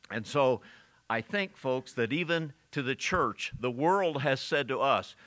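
Lively, bright-voiced male preacher. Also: medium pitch, moderate pace. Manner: earnest preaching, rising to emphatic peaks, occasional self-corrections. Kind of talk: sermon.

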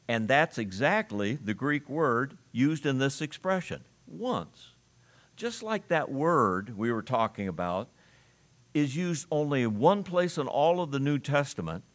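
Emphatic preacher stressing words slowly. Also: male voice, medium pitch, a bit bright. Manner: emphatic, slows down to stress key phrases; reads scripture aloud in old-fashioned wording. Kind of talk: expository sermon.

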